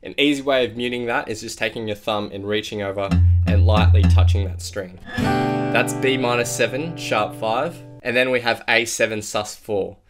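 A man's voice: lowish voice, moderate pace. A man giving a step-by-step guitar lesson, explaining chord shapes and counting out strumming patterns beat by beat. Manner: clear step-by-step instruction, counting beats aloud. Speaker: guitar teacher. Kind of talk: guitar tutorial. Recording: loud acoustic guitar under the voice. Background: acoustic guitar playing.

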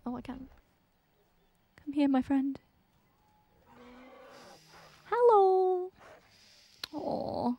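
A young woman giving casual gameplay commentary, excitable and jumpy, with frequent exclamations and gasps. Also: a little high, no room sound. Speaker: gaming channel host.

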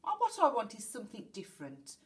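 A bossy pirate captain bellows his orders, as a woman reading a storybook puts him on. His voice swings widely and stays loud and impatient. It sounds a little distant from the mic. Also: a little high, wildly swooping pitch, brisk. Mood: bossy roaring.

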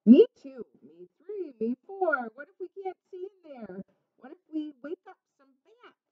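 A flock of timid storybook chickens frets over every danger, as a woman reads them aloud. The voice sits a touch high and swings widely in a singsong way, unhurried. The recording is slightly muffled and lo-fi. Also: very animated. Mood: fretful. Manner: anxious, worried questions. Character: four timid fretting chickens.

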